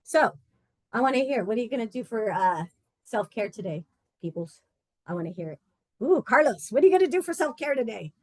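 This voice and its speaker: A woman's voice: on the high side, sing-song, fairly quick, no room sound. A woman leading a support group session in a casual, playful and blunt way, laughing often.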